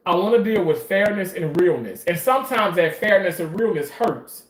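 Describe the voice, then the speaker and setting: A man talking in a casual monologue about his work in surgery, animated, profane and emotional as he tells stories. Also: high voice, moderate pace. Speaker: surgical staff commentator. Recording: roomy echo.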